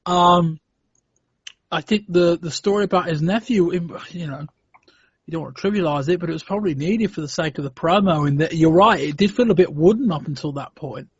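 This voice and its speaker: A man's voice: fairly high pitch, brisk, husky, no echo. A man hosting a podcast in casual discussion, thinking aloud with frequent "um"s and restarts. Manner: thoughtful, hedging with frequent "um" and restarts. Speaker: podcast host. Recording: dull lo-fi podcast audio.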